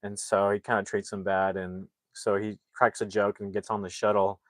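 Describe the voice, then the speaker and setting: A man's voice: on the low side, flat delivery, normal speed, no echo. A man recapping a movie plot in a loose, rambling way and acting out the characters' lines as he goes. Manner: rambling, acts out character lines while retelling. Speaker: movie reviewer. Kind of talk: casual live-streamed movie recap.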